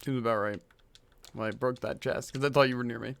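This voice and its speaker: A man's voice: medium pitch, fairly even intonation, fast talker, vocal fry, fairly bright tone. A man streaming a game who is losing his voice, chatting casually and rambling with lots of fillers into a desk microphone at home. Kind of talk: casual gaming chat. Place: hot room at home.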